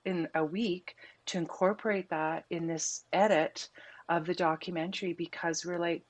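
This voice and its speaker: A woman on a podcast telling a story with earnest, animated delivery. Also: on the low side, moderate pace. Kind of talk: podcast conversation.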